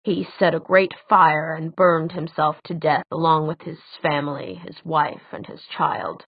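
A woman reading the part of an older male tutor, speaking quietly, slowly and deliberately, grave and measured. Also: low voice, breathy edge, dry recording, full character voice. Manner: quiet, slow, deliberate speech. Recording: dry, tinny phone-like sound.

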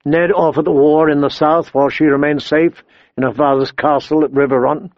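A man reading a fantasy novel aloud in measured, steady narration, quietly voicing the characters' dialogue. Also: a little high, no room sound, lo-fi sound. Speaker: audiobook narrator.

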